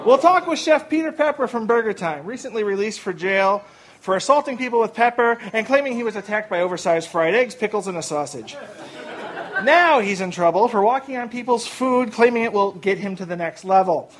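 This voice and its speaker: A performer voicing Mario as a flustered talk show host with a fake Italian accent, stammering as he tries to calm things down. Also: mid-range voice, fairly quick, a faint crowd, close to an everyday voice. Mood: announcing.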